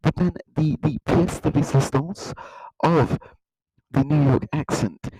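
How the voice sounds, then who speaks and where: A man giving a mock-earnest, rambling satirical countdown in a deadpan way. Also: a little high, a little slow, breathy edge, no room sound, low-quality recording. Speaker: comedy YouTuber.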